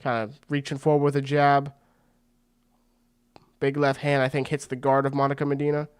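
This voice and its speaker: A man's voice: mid-range voice, moderate pace, smooth. A man hosting a fight watch party, giving casual, rambling commentary full of slang. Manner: excitable and rambling, slangy with frequent "bro".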